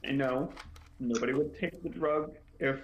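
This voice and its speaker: A man narrating a tabletop game as game master, halting with many fillers, over an online call. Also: mid-range voice. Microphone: computer mic, online call. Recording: echoey room, dull lo-fi sound, faint hiss.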